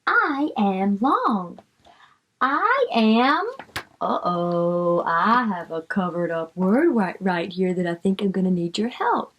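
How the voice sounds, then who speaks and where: A woman's voice: lowish voice, very animated, slow. A woman reading a picture book aloud to young children, stretching out the words she reads and coaxing the child with questions.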